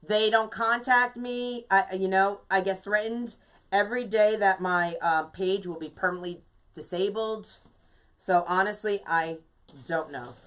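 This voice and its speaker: A woman in her fifties, a craft instructor and shop owner, talks through a live-streamed craft demonstration at a measured pace. Her medium-pitched voice is a bit bright, and her chatty delivery leans hard on key words. Now and then she breaks off to greet viewers by name.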